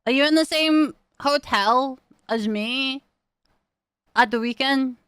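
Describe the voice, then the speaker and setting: Young girl streamer, chatty and giggly, kinda high smooth voice, dry close mic. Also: takes it slowly, a bit bright, no room sound. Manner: chatty and giggly, swears casually, addresses chat directly. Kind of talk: casual chat.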